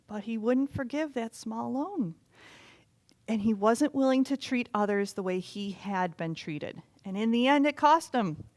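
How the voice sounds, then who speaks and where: A woman teaching a children's Bible lesson in animated storytelling that sometimes drops to a loud whisper. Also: fairly high pitch.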